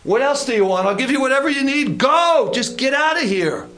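A man voicing an exasperated, desperate ruler of Egypt, shouting to be rid of the people. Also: extremely high pitch, expressive, fairly quick, pitched above the performer's own voice. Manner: pleading, emphatic.

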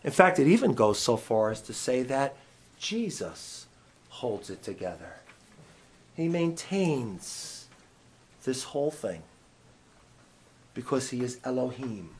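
A man teaching a Bible class in church, conversational and animated, often asking his listeners questions. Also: medium pitch, slow, pauses often, a little hiss or hum. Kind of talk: teaching sermon.

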